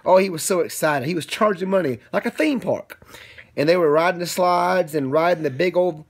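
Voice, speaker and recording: A man's voice: sits high, fairly quick, husky. A man improvising a picture-book story for his young son, in a playful, chatty way. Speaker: father reading to his son.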